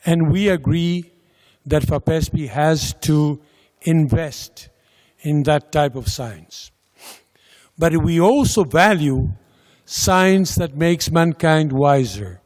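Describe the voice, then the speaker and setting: A man giving a slide presentation about a funding agency's programs, speaking slowly and deliberately with pauses and fillers. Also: fairly high pitch, darkish tone. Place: lecture hall. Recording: lecture hall with long reverb.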